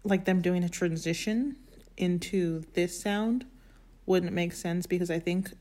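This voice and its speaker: A woman's voice: lowish voice, measured pace, mellow. Wry, rambling woman co-host. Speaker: podcast co-host. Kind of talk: casual chat.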